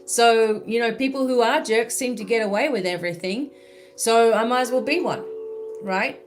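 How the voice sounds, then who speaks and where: A woman's voice: a little high, normal speed, music in the background. Chatty Australian woman, spiritual mentor. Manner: chatty, peppered with "you know" and "right?". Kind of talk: live-stream monologue.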